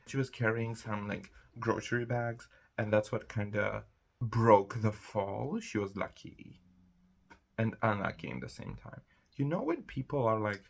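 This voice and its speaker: A man's voice: fairly low pitch, expressive, moderate pace, vocal fry, husky. A young man talking casually to camera in a rambling solo monologue, jumping into quoted voices and laughing often. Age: young adult. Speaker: vlogger.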